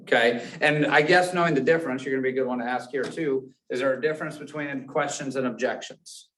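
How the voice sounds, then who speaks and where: A man leading a sales class, asking the room quick questions as he teaches. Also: mid-range voice, fairly even intonation, a bit bright. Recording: echoey room, mic far off.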